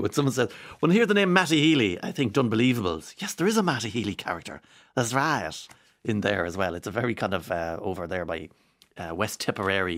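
Fast-talking radio host. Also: male voice, mid-range voice, fairly bright tone. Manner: rapid, rambling, joking asides with frequent restarts. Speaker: radio presenter. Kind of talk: lively morning radio chat.

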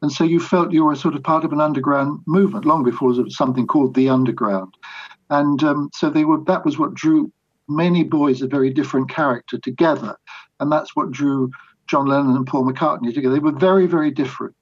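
A man's voice: a little high, fairly quick, breathy edge, lo-fi sound. An older man, a biographer, answering interview questions in a reflective, anecdotal way with hesitant restarts. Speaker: biographer guest.

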